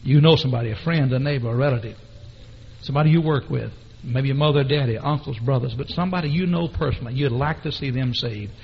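A man's voice: mid-range voice, fast talker, gravelly, a little hiss or hum. A man preaching a sermon, telling stories with animation and calling on the congregation. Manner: animated storytelling, calls on the congregation. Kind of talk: sermon with anecdotes. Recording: dull lo-fi recording.

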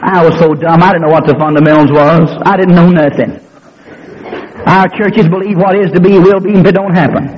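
A man's voice: high voice, fairly even intonation, a little fast. A male preacher, telling a folksy, self-mocking story in a sermon. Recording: muffled recording with audience.

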